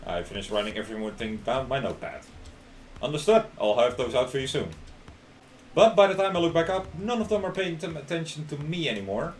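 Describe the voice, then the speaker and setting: A man's voice: mid-range voice, lively intonation, fairly quick, echoey room. Wry man narrating a visual novel live. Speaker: streamer.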